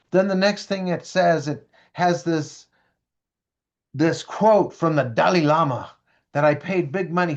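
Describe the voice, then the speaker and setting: A middle-aged man gives a parent-education talk in a lively, conversational storytelling manner. His voice sits a little high for a man. The recording is dull and lo-fi. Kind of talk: storytelling presentation.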